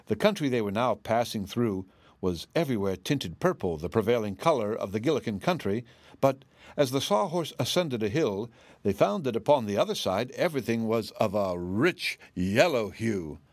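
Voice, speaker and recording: A man narrating a children's storybook aloud in a steady, expressive reading. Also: mid-range voice, moderate pace, dry recording.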